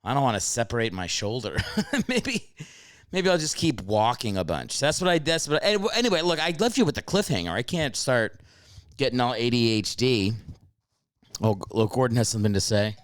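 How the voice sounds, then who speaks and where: A man's voice: medium pitch, moderate pace, dry recording, clean studio sound. Brash, profane man ranting on a podcast. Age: 30s. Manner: brash, profane, excitable comedic rant. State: slightly out of breath from a walk. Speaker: podcast host. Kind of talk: solo podcast chat. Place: home couch with dog.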